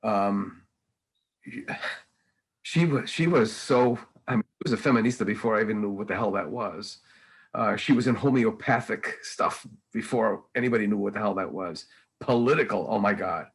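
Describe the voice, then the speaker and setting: A man in his sixties, a painter, telling rambling, animated stories in casual conversation with many restarts. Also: on the low side, moderate pace, slightly rough. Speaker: painter and guest.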